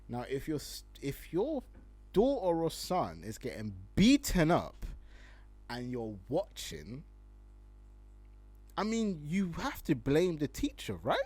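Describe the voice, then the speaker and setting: Animated young man, casual slangy talk. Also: on the high side, dry recording. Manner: slangy and animated, laughing often. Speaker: online commentary host. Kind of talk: casual commentary, reading tweets aloud.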